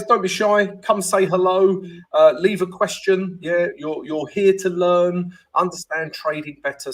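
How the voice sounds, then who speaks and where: Live-stream host, man, husky voice with lots of pitch movement, casual teacher who greets chat by name. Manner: chatty, keeps asking "right?" and greeting viewers by name. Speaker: trading educator hosting a live stream.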